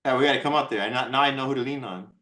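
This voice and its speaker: A man's voice: medium pitch, racing, a bit bright. A man in casual chat, easygoing and agreeable, giving upbeat life advice. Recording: echoey room sound.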